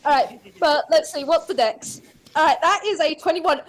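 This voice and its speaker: A woman's voice: high-pitched, normal speed. A woman narrating a tabletop game as game master, chatty and full of fillers.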